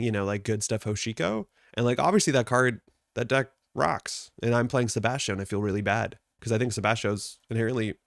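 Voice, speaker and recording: A man's voice: medium pitch, no room sound, clean studio sound. Chatty stuffy-nosed man streaming. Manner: chatty, rambling, greets viewers by name. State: stuffed up from allergies. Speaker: streamer hosting a card game stream. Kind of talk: casual live-stream chat.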